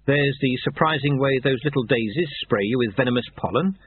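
A man's voice: medium pitch, brisk, a little hiss or hum, pitched above the performer's own voice, natural voice. A man voicing an earnest young novice monk who asks eager, flustered questions, heard through tinny phone-like audio.

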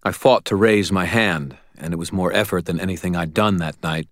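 A man narrating a first-person audiobook in a steady, dramatic way, recorded close on a studio mic. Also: low voice, brisk, no room sound.

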